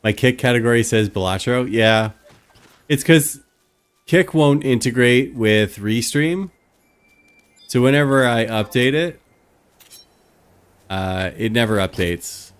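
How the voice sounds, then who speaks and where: A man's voice: medium pitch, slow pace, pauses often, smooth. A man, chatting casually with his live stream viewers and rambling through stories with plenty of fillers. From Canada.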